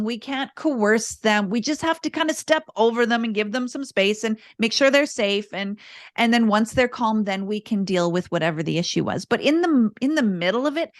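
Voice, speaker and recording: Woman, podcast guest, high-ish voice, calm and explanatory, dry close recording. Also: dry recording. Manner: calm, explanatory, repeats words while thinking. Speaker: podcast guest, parenting speaker. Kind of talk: casual interview talk.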